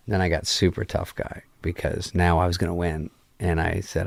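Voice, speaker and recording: Low-voiced man telling a profane anecdote. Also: fairly quick, vocal fry, no echo, studio quality. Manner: profane, deadpan anecdote acting out quoted dialogue. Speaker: guest. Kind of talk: casual storytelling in conversation. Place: podcast studio. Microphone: studio microphone.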